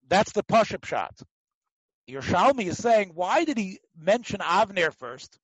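A man teaching a Talmud class, telling the stories in an animated way, acting out the quotes and often restarting his sentences. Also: high-pitched, normal speed, dry recording, rough recording. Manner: animated storytelling, acts out quotes, frequent restarts. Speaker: Torah teacher.

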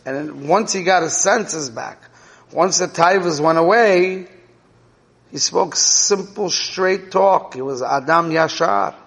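A man's voice: fairly high pitch, slow, vocal fry, a bit bright. A man teaching a Torah class and explaining a parable, checking in with his listeners with "right?" and "okay?". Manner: checks in with listeners, 'right?' and 'okay?'. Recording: reverberant hall.

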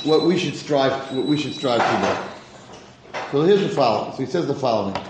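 A man's voice: fairly high pitch, echoey room, noisy background. A man teaching a religious lesson to a class, posing rhetorical questions and mixing in Hebrew terms. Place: room with a class present.

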